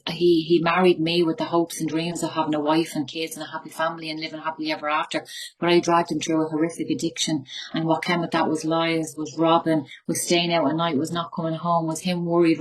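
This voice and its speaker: A woman's voice: low-pitched, rough recording. A woman in her forties with a Tipperary Irish accent, giving a raw, emotional recovery share from her bedroom at home, swearing freely. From Ireland. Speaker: recovery meeting speaker.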